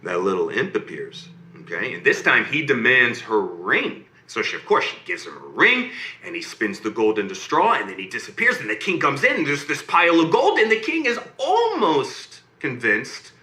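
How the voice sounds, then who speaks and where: A man telling a bedtime fairy tale to a child, animated and often checking in with "okay?" and "right?", recorded in an echoey room. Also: mid-range voice, moderate pace. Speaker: storyteller reading to a child. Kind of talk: bedtime story narration. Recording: roomy echo.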